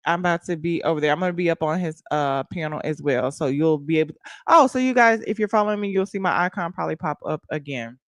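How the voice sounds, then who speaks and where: A woman hosting a casual livestream, talking to her viewers in a loud, playful, hyped way and swearing freely. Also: sits low, quick pace, no echo, studio quality. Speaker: livestream host.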